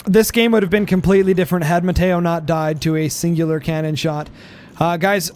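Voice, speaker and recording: A man's voice: high-pitched, a little hiss or hum. A young man commentating a strategy game, rambling with fillers and losing his voice. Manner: energetic, rambling, with frequent fillers. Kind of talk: gameplay commentary.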